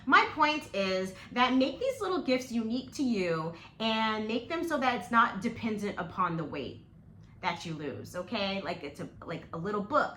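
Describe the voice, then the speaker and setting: A woman's voice: fairly high pitch, bright, forceful tone. A woman vlogging about weight loss in an encouraging, playful, motivational way. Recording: echoey room with faint noise.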